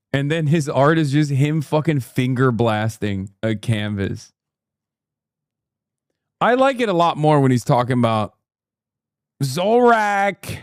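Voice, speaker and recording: A man's voice: mid-range voice, smooth, no echo, studio quality. A man in his thirties doing casual reaction commentary on a stream, sarcastic and profane, often laughing as he mocks what he hears. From United States.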